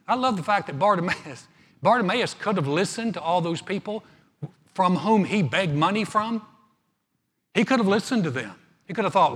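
A man pastor preaching a sermon, telling the story in an animated way and often repeating his words. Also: high-pitched, normal speed, breathy edge, big-room sound.

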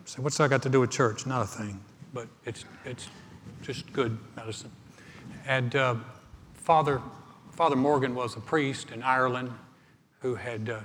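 A man preaching a live sermon as pastor, conversational and joke-telling with halting restarts. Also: mid-range voice, fairly bright tone, slight background noise. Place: church sanctuary. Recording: live church recording with long reverb.

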